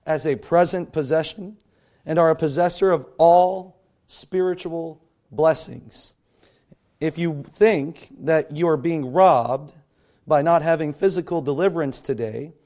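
A male pastor preaches in a fairly high, slightly mellow voice that is hoarse and strained. It cracks repeatedly, and he often clears his throat and restarts words.

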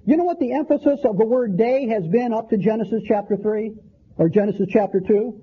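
A man's voice: high voice, brisk, slightly rough, phone-quality sound. A man preaching a conversational Bible-teaching sermon, often restarting phrases as he works through verses.

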